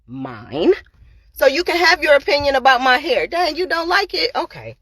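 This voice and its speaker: A woman's voice: sits high, wildly swooping pitch, normal speed, fairly bright tone. Blunt, swearing woman in her forties ranting. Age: 40s. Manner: blunt, emphatic, repetitive and heavily profane. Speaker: school cafeteria worker. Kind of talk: profane personal rant to camera.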